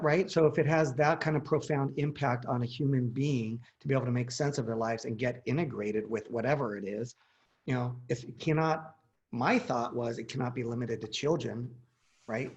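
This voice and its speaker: A man's voice: mid-range voice, lo-fi sound. A man in his forties telling a personal story in casual conversation, acting out the quoted dialogue.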